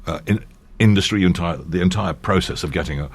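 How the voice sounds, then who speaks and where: Older actor guy chatting, deep low husky voice, lots of restarts and little laughs. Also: fairly quick. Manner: rambling anecdotes, frequent restarts, laughs easily. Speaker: actor and voiceover artist guest. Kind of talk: casual interview chat.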